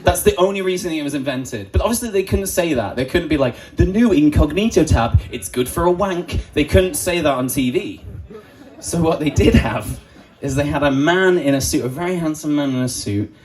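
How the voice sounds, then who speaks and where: A man's voice: a little high, brisk, a little mellow, poor audio. A man doing a stand-up comedy set, joking crudely and acting out quoted voices. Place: comedy club stage before an audience.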